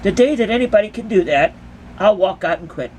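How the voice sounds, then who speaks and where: A woman's voice: medium pitch, lively intonation, fairly quick, a little mellow, a little hiss or hum. A woman who dances at concerts giving an impassioned, emphatic monologue to her critics, full of repeated rhetorical questions.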